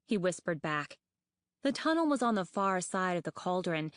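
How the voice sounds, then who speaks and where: A woman narrating an audiobook in a measured, expressive reading voice. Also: on the low side, no echo, studio quality. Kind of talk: scripted narration.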